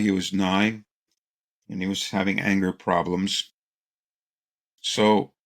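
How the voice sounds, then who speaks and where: A man, a child psychologist, answering interview questions with calm explanations and stories, acting out short quotes. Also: on the low side, creaky. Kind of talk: interview answer, anecdotal storytelling.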